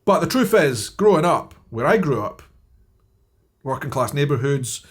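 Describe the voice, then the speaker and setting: A man's voice: a little high, big pitch swings, a little slow. Chatty Edinburgh Scottish man. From Scotland. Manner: chatty, reflective, with frequent asides. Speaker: vlogger. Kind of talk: casual talk to camera.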